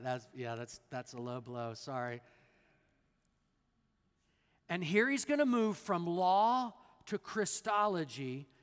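A man with a notably high voice preaches a sermon, explaining the text in a conversational teaching manner. He drops wry asides and puts questions to listeners by name. His voice rings out with a long hall reverb. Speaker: pastor.

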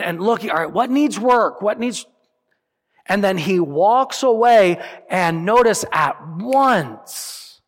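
Male pastor, slightly high voice, emphatic sermon delivery, long church reverb. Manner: emphatic, voices imagined prayers, drops to soft solemn lines.

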